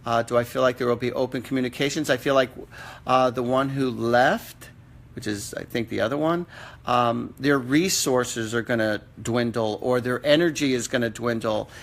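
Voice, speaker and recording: Halting man giving psychic readings. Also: medium pitch. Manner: halting, full of fillers and restarts, earnest. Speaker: psychic medium host. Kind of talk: live-stream psychic reading.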